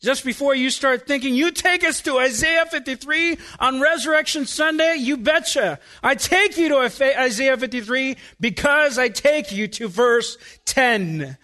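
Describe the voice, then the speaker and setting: A pastor in full sermon mode, his voice sitting unusually high for a man. The tone is bright and forceful. He asks the congregation pointed rhetorical questions and lets some phrases sink to a hush before building back up. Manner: drops to quiet, slow phrases then rises again.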